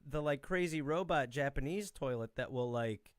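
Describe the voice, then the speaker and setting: A man's voice: medium pitch, normal speed, clear, resonant tone, dry recording, studio quality. A man who is a comedian, a guest on a comedy podcast, joking wryly and swearing freely. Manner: wry, joking, profane. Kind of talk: casual comedy podcast chat.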